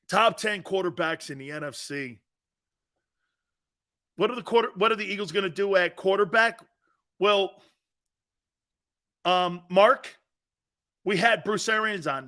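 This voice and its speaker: A man hosting a sports talk show, joking loudly and laughing often as he riffs on football. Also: sits high, very animated, measured pace, long pauses. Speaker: sports radio host.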